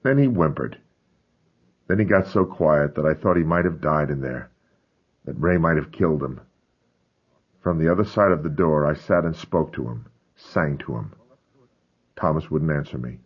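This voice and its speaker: A man's voice: rumbling low, moderate pace, pauses often, breathy edge. A man narrating a first-person memoir with grave, intense storytelling, on a dull lo-fi recording. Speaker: audiobook narrator.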